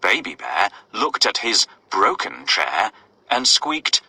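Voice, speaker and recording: Very expressive, bright-voiced male storyteller. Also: fairly low pitch, slow pace, vocal fry, slightly rough, dry recording, poor audio. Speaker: narrator. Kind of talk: scripted bedtime-story narration.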